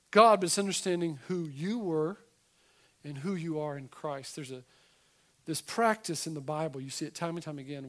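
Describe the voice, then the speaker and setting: High-voiced animated man preaching. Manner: animated, emphatic preaching with conversational asides. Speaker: pastor. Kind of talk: sermon.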